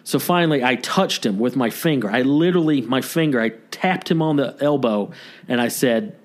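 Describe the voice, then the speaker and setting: A man co-hosting a comedy podcast, telling a story in relaxed chat. His pitch swings widely as he acts out what other people said. His voice sits at an ordinary male pitch. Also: normal speed. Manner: animated storyteller who acts out quotes. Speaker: podcast co-host.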